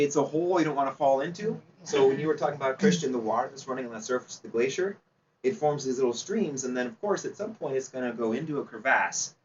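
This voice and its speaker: A man presents slides to a club audience, chatty, asking the room questions and laughing easily. He sounds distant and dull, recorded across a meeting room with faint background noise. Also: mid-range voice. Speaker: seminar presenter.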